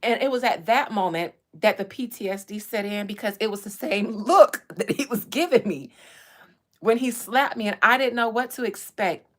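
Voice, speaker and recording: A woman hosting a casual livestream, telling stories in a candid, animated way with blunt language. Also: medium pitch, normal speed. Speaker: real estate agent and livestream host.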